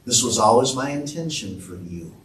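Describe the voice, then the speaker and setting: A pastor quietly voicing a tender father speaking to his young daughter, in an echoey church room heard from a distance. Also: mid-range voice, expressive, normal speed, slight background noise, close to an everyday voice. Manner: soft, hushed, gentle. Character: tender loving father of a girl.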